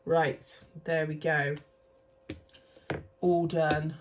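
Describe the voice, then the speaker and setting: Extremely slow and flat, a woman in her thirties talks in a low-pitched voice while budgeting with cash envelopes. She's a chatty, rambling cash stuffing vlogger who corrects herself, with slight background noise behind her.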